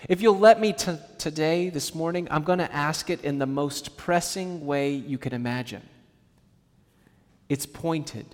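A man delivers a sermon in a casual, animated style, slipping into quick acted-out voices to make his point. His voice sits a bit high for a man. The sound carries the long reverb of a large church hall. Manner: animated, conversational preaching with acted-out quotes. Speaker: pastor. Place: church sanctuary.

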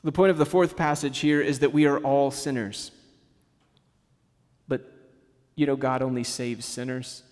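A man's voice: medium pitch, fairly even intonation, measured pace, pauses often, darkish tone. Man preaching in a reverberant hall. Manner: conversational preaching with casual asides and rhetorical questions. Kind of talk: sermon.

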